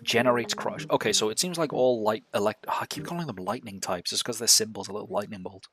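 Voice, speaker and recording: A man's voice: fairly low pitch, fast talker, a bit bright. A man streaming a game who chats casually, swears freely, laughs often and thinks aloud. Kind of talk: casual gameplay chat. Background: game music.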